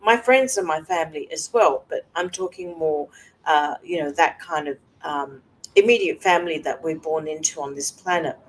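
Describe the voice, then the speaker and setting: A woman host talking personally to camera, soft and halting with many fillers, at times close to tears. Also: sits low, a little hiss or hum, low-quality recording. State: emotional, close to tears at moments. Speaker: wellness coach and video host.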